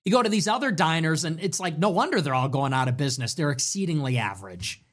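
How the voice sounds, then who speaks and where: A young man hosts a livestream and rants through profane, sarcastic commentary. His pitch swings widely from low grumbles to high mocking bursts. He sounds heated and opinionated throughout. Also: lively intonation, fast. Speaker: livestream host.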